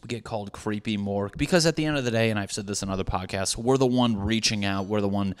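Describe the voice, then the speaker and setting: Lower-voiced man in his thirties, rambling. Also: quick pace, clear, resonant tone. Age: 30s. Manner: rambling, profane, self-deprecating. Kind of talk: casual podcast chat.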